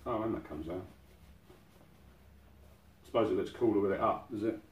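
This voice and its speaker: Man, casual unboxing chat, low voice, echoey room, mic set back. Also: moderate pace. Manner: chatty, easily amazed, exclaiming. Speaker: outdoors channel host. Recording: roomy sound from a distant mic.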